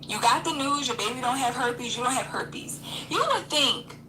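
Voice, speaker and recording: A woman's voice: sits high, animated, moderate pace. A woman co-hosting a reaction video, questioning and blunt in casual commentary. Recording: roomy room with background noise.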